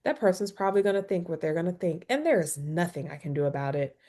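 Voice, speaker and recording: A woman's voice: lowish voice, fast. A woman wellness professional hosting a webinar, speaking candidly and acting out dialogue, heard over a video call. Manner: candid, expressive, acts out dialogue. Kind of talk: casual webinar chat.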